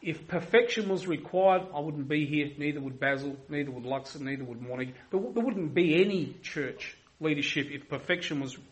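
A man preaching a sermon emphatically, repeating himself for weight and swinging from loud to quiet. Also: fairly high pitch, a little fast, few pauses, poor audio. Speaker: pastor.

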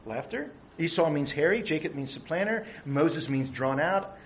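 A man's voice: a little high, lively intonation, normal speed, a little hiss or hum, low-quality recording. A middle-aged man preaching a conversational sermon, asking his listeners questions. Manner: conversational, asks the audience questions. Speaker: pastor.

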